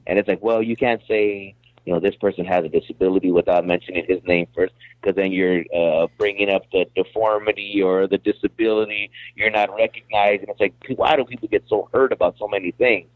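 A man's voice: deep voice, steady tone, fast talker, hardly any pauses, no room sound. A man talking bluntly in a casual podcast chat, often repeating words as he starts a thought. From Mexican-American background. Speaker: guest. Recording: tinny phone-like line, dry.

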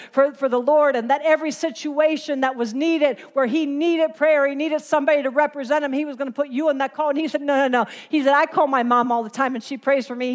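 A middle-aged woman preaches a sermon, with a voice that sits a little high. She tells a story, then builds to impassioned emphasis.

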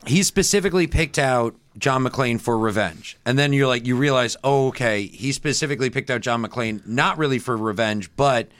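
A man on a casual movie podcast, getting excited as he retells scenes and their twists. His pitch sits in the middle range. The sound is dry and close. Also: moderate pace, hardly any pauses, no room sound. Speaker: podcast co-host.

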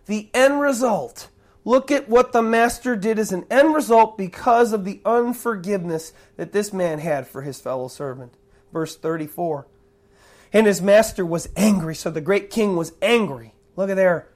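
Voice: mid-range voice, normal speed. A preacher giving a sermon, reading verses aloud and explaining them with emphatic stress. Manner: emphatic, reads verses then explains, stresses key words.

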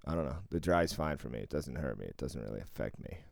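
A man co-hosting a podcast, telling stories in a casual, animated way and swearing freely. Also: a bass voice, fast talker, vocal fry, no echo, studio quality. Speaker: podcast co-host. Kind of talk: casual chat. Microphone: close podcast mic.

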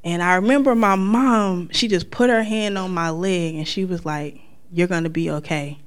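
Smooth-voiced woman telling her story. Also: medium pitch, normal speed. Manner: lively storyteller who acts out the lines of the people in her story. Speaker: speaker sharing a personal testimony. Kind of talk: personal storytelling.

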